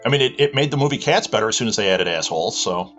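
A man being interviewed, animated and joking as he explains himself. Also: medium pitch, racing, over music. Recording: slightly dull lo-fi sound.

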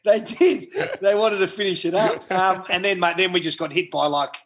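A man's voice: high voice, steady tone, moderate pace, fairly bright tone, slightly rough. A laid-back Australian man in his forties, a podcast guest telling a story with many ums and uhs. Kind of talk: casual podcast chat.

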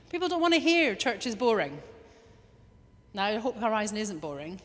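Woman, preacher, lively sermon, mid pitch, long hall reverb. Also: normal speed. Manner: lively, acts out little quoted voices.

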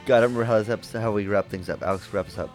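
Young guy host, kinda low voice, rambly and jokey, lots of uhs. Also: racing, a little mellow, faint music behind. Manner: rambling, filler-heavy, jokey. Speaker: podcast host. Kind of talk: casual podcast chat.

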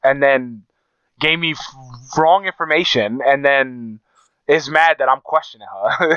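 A man's voice: mid-range voice, animated, takes it slowly, bright, forceful tone, clean tone, dry recording, dull audio. A man co-hosting a casual podcast, swearing freely and acting out the quotes in his stories. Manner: profane, storytelling, acts out quotes. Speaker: podcast co-host.

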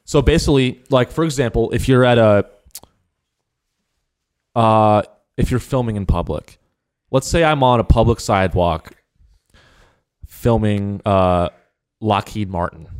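A man's voice: lowish voice, a little slow, pauses often, darkish tone, clean tone. A man co-hosting a podcast in casual chat, acting out imagined back-and-forth dialogues and laughing often. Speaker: podcast co-host.

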